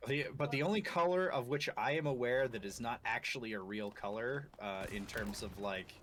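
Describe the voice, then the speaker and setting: A man's voice: mid-range voice, moderate pace, fairly bright tone, slight background noise. A man chatting on a game stream, earnest and hesitant, with many fillers. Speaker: co-player. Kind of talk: casual gaming-stream chat.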